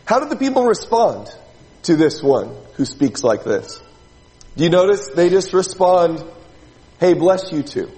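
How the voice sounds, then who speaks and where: A man with a high voice preaches a sermon, speaking conversationally to his congregation and asking question after question. His words ring out with a long reverb, as in a large church sanctuary. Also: very animated, a little slow, warm tone. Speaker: pastor.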